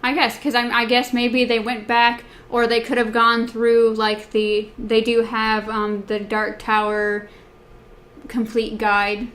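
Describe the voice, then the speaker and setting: A woman's voice: on the high side, monotone, slow, fairly bright tone. A woman co-hosting a book podcast in casual chat, hesitant with many fillers as she compares text versions. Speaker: podcast co-host.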